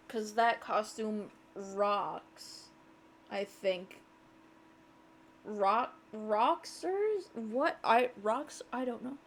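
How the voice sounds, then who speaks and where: A woman's voice: fairly high pitch, slight background noise. A woman streamer giving casual, chatty commentary while playing a game, laughing, swearing and reading dialogue aloud.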